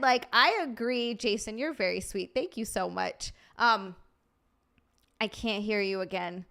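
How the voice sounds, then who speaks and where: A woman's voice: mid-range voice, measured pace, vocal fry, pushed and bright, clear, resonant tone. A young woman hosting a live-streamed podcast, chatting casually with lots of fillers and giggles. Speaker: podcast host.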